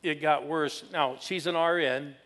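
A man's voice: on the high side, fairly even intonation, measured pace, fairly bright tone, big-room sound. A man in his sixties, a pastor telling a personal story in a sermon, playfully drawing in the audience. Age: 60s.

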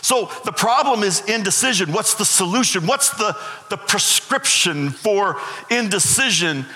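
A man's voice: sits high, lively intonation, measured pace, bright, forceful tone. A middle-aged man preaching a sermon as pastor, emphatic and repeating his key phrases. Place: church sanctuary. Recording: echoey hall with long reverb.

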